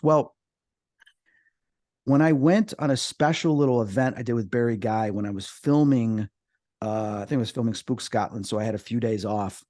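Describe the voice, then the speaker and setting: Animated man telling ghost stories. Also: mid-range voice, moderate pace, no echo, studio quality. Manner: animated, acts out quoted voices. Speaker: paranormal investigator guest. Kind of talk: casual storytelling.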